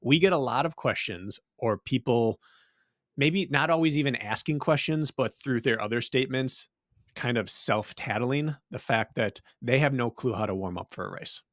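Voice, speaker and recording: A man's voice: medium pitch, normal speed, a bit bright, no room sound, clean studio sound. Teasing man who laughs a lot. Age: adult father. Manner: teasing, laughs often, explains with conviction. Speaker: podcast co-host. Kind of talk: casual podcast banter and topic intro.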